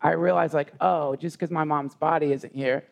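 A man telling a heartfelt personal story as a guest, rambling and halting, with frequent restarts. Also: fairly high pitch, fairly even intonation, creaky. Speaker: podcast guest. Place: live retreat session.

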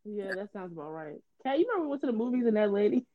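A woman co-hosting a casual chat, telling animated, swearing stories with friends. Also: medium pitch, racing. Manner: animated storytelling, swears freely. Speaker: podcast co-host. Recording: dull lo-fi sound.

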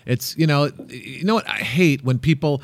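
A man's voice: medium pitch, lively intonation, moderate pace, creaky, no echo. A man telling a playful travel story. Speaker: co-host of a travel show. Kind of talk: casual chat.

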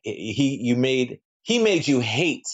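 A man's voice: mid-range voice, big pitch swings, slow pace, slightly rough. A male actor giving a casual interview as a guest, rambling with frequent restarts and fillers. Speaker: soap opera actor guest.

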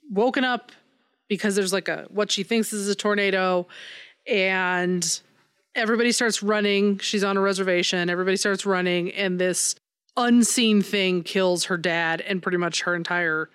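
Woman podcast cohost rambling and swearing about a movie, smooth voice. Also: medium pitch, steady tone, unhurried, a bit bright, dry recording. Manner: rambling, profane, mocks bad accents. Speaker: podcast co-host. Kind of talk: casual film review chat.

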